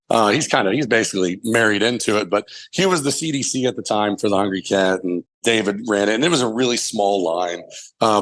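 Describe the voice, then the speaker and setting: A man in his forties, a chef guest telling long candid stories, rambling and swearing freely. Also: mid-range voice. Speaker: chef and restaurant owner, podcast guest. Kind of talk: casual storytelling interview.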